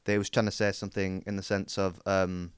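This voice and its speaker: A man's voice: low-pitched, flat delivery, clean tone, no room sound, studio quality. A young man co-hosting a podcast, teasing and arguing his point in casual chat. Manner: quick, teasing, argumentative. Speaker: podcast co-host.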